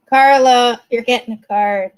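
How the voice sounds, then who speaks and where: Slow, chatty woman reading tarot cards. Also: medium pitch, rough recording. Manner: chatty, laughing, speaks straight to viewers. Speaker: tarot reader. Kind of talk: live-stream tarot reading.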